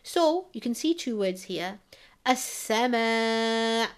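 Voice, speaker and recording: Woman teaching recitation in measured tones. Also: mid-range voice. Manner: measured, explanatory, sounds out Arabic words slowly for emphasis. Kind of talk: instructional narration.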